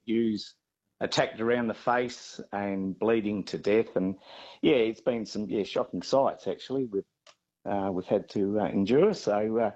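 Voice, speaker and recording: Halting Australian farmer on a dull line. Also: male voice, medium pitch, darkish tone. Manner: halting, with many fillers and restarts. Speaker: farmer interviewee.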